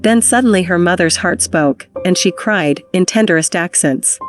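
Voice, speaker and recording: A woman reading a classic novel aloud in a steady, measured narration. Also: fairly low pitch. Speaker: audiobook reader. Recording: reading with music underneath.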